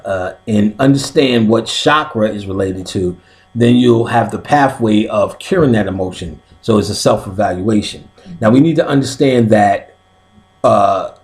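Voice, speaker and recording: A man hosting a casual occult talk, swearing constantly and laughing, jumping between high excited yelps and low mutters. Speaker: host of an occult class stream. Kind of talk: casual profane chat.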